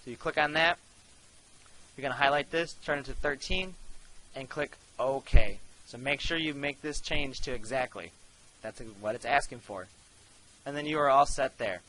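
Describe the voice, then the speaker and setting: A man teaching his class through a casual step-by-step software walkthrough, talking straight to his students. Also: medium pitch, normal speed, poor audio. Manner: casual step-by-step instruction, addresses students directly. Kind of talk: screencast software tutorial.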